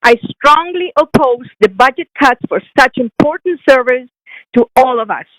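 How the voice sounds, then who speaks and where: A woman's voice: sits high, lively intonation, normal speed, a bit bright, dry recording, poor audio. A middle-aged woman calling in by phone to give an earnest prepared comment at a council meeting, with small restarts as she reads. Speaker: public speaker at council, swim coach. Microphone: phone line.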